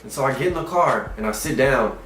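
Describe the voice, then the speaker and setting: A young man tells a comic story from his own life in an animated, profane way, jumping into quoted lines in different voices. His voice sits mid-range and the room around him echoes. Faint music plays underneath. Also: medium pitch, brisk.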